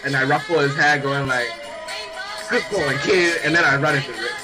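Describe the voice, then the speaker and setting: A man's voice: mid-range voice, steady tone, fast talker, over music. A man playing a tabletop wrestling game, eagerly describing his character's moves in first person. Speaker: player. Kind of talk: casual role-play chat.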